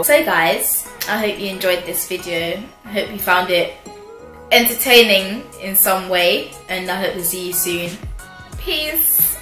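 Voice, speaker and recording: A young woman telling a storytime on her vlog, animated and chatty, laughing often as she talks. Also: lowish voice. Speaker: vlogger. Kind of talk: casual storytime chat. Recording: roomy echo with faint music.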